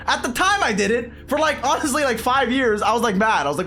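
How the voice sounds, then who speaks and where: A young man from Canada telling a rambling story while gaming on stream, swearing freely and animated. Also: very high voice, fast talker, hardly any pauses, soft background music. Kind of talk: casual gaming stream chat.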